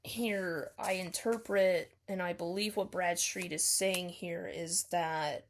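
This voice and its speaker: A woman's voice: on the low side, steady tone, measured pace, vocal fry, hardly any pauses. A woman talking through her reading of a poem, tentative and full of ums, often hedging and correcting herself. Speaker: student explaining a poem. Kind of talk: casual spoken poetry analysis.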